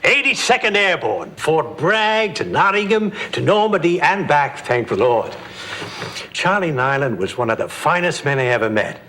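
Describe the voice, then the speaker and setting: An actor playing an older, sentimental war veteran in a sitcom, reminiscing fondly. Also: male voice, fairly high pitch, sing-song, moderate pace, a little hiss or hum. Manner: warm, reminiscing. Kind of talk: sitcom acting.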